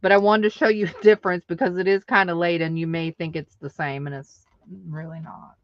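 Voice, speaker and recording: A woman's voice: lowish voice, little pitch movement, brisk, muffled recording. A woman hosting a live online craft sale, chatting casually and answering viewer comments aloud. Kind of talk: casual live-selling chat.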